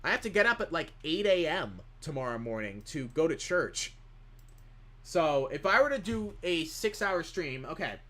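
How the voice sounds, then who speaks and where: A man's voice: on the high side, big pitch swings, moderate pace, sharp tone. A man streaming live, chatting casually in a rambling way as he reads chat questions aloud and answers them.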